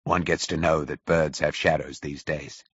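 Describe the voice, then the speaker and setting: A male reader voicing a hoarse, wary soldier who has survived in hiding, speaking in terse, guarded lines. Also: extremely low pitch, level tone, moderate pace, dry recording, pitched below the performer's own voice. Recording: dull, dry audio.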